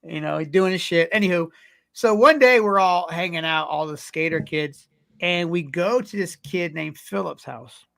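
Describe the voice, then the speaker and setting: A man's voice: fairly high pitch, moderate pace, vocal fry, fairly bright tone. A man co-hosting a podcast, telling a rambling, profane story in casual chat. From California. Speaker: podcast co-host.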